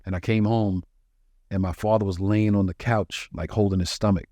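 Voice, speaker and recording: A male comedian from New York City telling his life story in a casual podcast chat, animated and profane, acting out the people he quotes. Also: on the low side, moderate pace, no echo. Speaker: touring comedian, podcast co-host.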